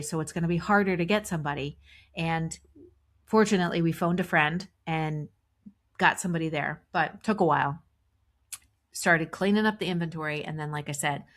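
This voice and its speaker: A middle-aged woman hosting a podcast, retelling a story in a lively way with many restarts and acted-out inner thoughts. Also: sits low. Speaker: podcast host. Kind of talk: storytelling monologue.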